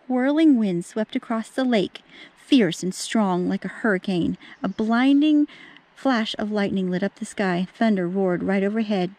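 Warm-voiced woman reading a story to kids. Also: mid-range voice, dry recording. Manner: animated, talks to the kids between passages. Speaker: teacher. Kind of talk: reading a storybook aloud to children.

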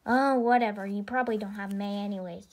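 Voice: mid-range voice, steady tone, fast talker, pitched below the performer's own voice, close to an everyday voice. A young female performer voicing a rude, defiant girl doll in a toy role-play, answering in snappy, dismissive bursts. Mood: sassy.

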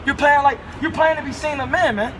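Loud, high-voiced man preaching on the street. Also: fairly quick. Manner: loud, shouts scripture, calls people man and brother. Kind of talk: heated street preaching and argument. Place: outdoors on a city street at night. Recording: noisy street recording with crowd.

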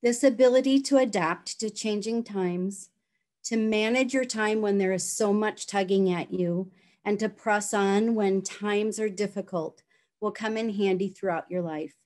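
A woman's voice: mid-range voice, fairly even intonation, a little mellow. Woman giving a formal graduation address. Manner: measured, congratulatory. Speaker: education program speaker. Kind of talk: formal commencement speech and name reading.

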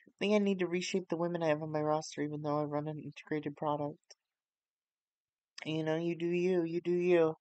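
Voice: mid-range voice, steady tone, brisk, darkish tone, clear, resonant tone, no room sound. A streamer playing a wrestling booking sim, rambling casually and swearing while retelling storylines. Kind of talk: casual live-stream commentary.

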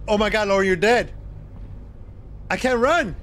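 A man streaming a horror game live, talking to his co-player and yelping and shouting in panic. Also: high voice, moderate pace, pauses often. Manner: excitable, yelps and shouts in panic. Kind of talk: live gameplay commentary.

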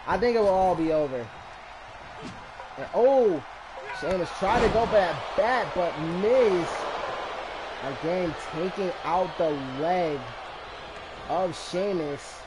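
A man commentating a wrestling match as a fan, emotional and shouting at the action. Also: high-pitched, slow pace, pauses often, a crowd in the background, background noise. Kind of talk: excited fan commentary on a video game match.

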